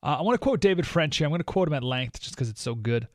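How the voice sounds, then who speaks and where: A man's voice: on the high side, animated, quick pace, no room sound, studio quality. A man hosting a radio talk show, delivering an opinionated monologue in a sarcastic, mocking, emphatic manner. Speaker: radio host.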